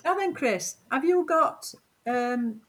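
Yorkshire woman host, chatty interviewer, slightly high voice. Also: lively intonation, takes it slowly, poor audio. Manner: chatty, asks questions. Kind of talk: casual radio chat.

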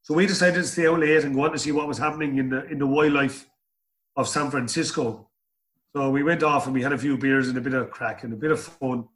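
His voice mid-range and fairly bright, with fairly even intonation, a middle-aged Irishman talks fast as an interview guest. He spins stories in a rambling way, repeating words as he goes.

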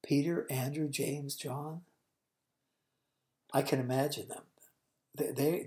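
A woman preacher with a low, dark, mellow voice tells a scene as a story during a sermon. She swings between booming emphasis and near-hushed lines to paint the moment vividly. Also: fairly even intonation, slow pace.

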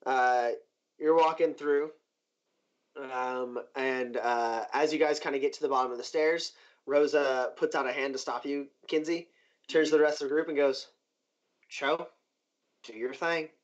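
A man's voice: medium pitch, steady tone, moderate pace. A man narrating as game master of a tabletop game, in loose speech full of "like" and "uh". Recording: dull lo-fi recording.

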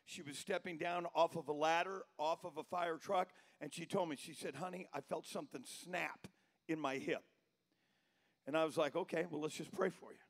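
Man, pastor, sermon, high-pitched, gravelly, storytelling then shouting. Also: fairly even intonation, normal speed. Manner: storytelling, building to shouted preaching.

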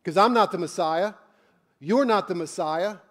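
A man's voice: high-pitched, normal speed. A man preaching as a pastor in a church, conversational and joking, with blunt asides to the congregation. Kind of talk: sermon.

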